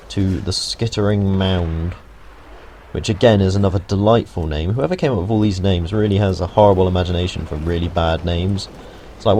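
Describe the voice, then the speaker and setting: This clip features a deep, mellow male voice with slight background noise. He's a young gaming video host from the United Kingdom, rambling through a jokey, casual game walkthrough with asides and occasional swearing.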